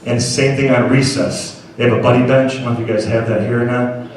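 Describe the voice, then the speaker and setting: Man speaking in a booming school hall. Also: little pitch movement, quick pace, slight background noise. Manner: earnest, keeps asking the crowd to agree. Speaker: motivational speaker. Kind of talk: storytelling talk to schoolchildren. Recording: very echoey hall, voice from far off.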